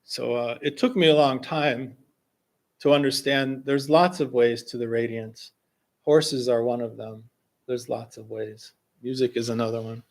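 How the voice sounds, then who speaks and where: A man leading a service, telling a personal story and introducing a song in a slow, gentle way with pauses. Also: medium pitch, steady tone. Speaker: singer-songwriter leading a service. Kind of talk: spoken reflection and song introduction. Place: fellowship hall.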